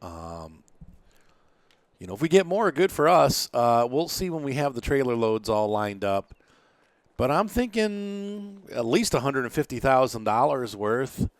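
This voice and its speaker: A man's voice: mid-range voice, big pitch swings, unhurried, dry recording. A man casually commenting on his farming game, rambling and thinking aloud with lots of fillers, sounding tired and yawning. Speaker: gameplay commentator. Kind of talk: casual let's-play commentary.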